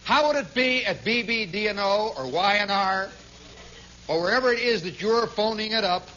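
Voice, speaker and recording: A man telling a long personal story as a radio monologue, animated, swinging from hushed to shouting. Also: high-pitched, normal speed, dull audio, slight background noise.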